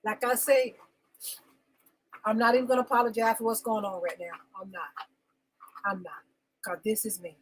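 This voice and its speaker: A woman with a fairly high, slightly rough voice and fairly even intonation vents during a live-stream talk show segment she hosts, moving at a moderate pace and pausing often. Emotional and insistent, she repeats phrases and greets viewers by name over poor audio.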